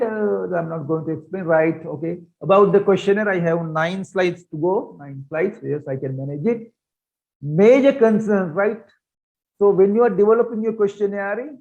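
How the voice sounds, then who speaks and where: A man's voice: high-pitched, vocal fry, dull audio. A man giving an online research methods lecture, repeating points and asking rhetorical questions. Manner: repetitive, rhetorical questions, conversational teaching. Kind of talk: online lecture with shared slides.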